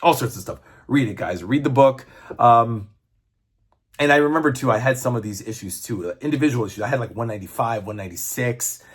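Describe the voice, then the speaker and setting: A man in his fifties with a husky, slightly grainy voice, talking about comics in a loose, chatty way. He rambles and gets excited, with the occasional curse thrown in. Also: mid-range voice, fairly quick. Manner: rambling, enthusiastic, swears casually. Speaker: comic book reviewer. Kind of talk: casual chat.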